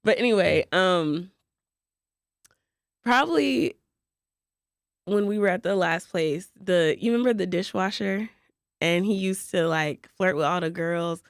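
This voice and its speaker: A woman's voice: fairly low pitch, unhurried, gravelly, pauses often, dry recording, studio quality. A woman co-hosting a casual podcast, telling a workplace story with lots of acted-out quotes and asides. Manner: animated gossiping storyteller, acts out quotes. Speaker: podcast co-host.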